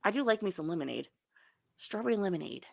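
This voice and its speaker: A woman hosting a casual livestream roast, teasing and animated with quick asides. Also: medium pitch, vocal fry, no room sound. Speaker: livestream host.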